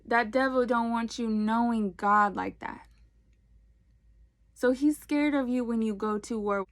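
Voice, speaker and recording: Woman, fairly high voice, casual faith talk, phone recording, animated, preachy, slangy. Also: a little slow. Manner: animated, preachy, colloquial with playful asides. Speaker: faith video host.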